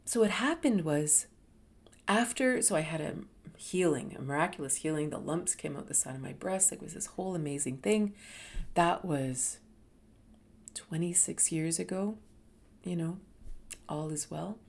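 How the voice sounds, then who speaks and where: A woman in her fifties hosting a talk, telling her own story in a candid, expressive way that dips into soft murmurs and rises with emphasis. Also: low-pitched, normal speed, vocal fry, long pauses. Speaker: host sharing a personal story. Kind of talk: reflective personal storytelling.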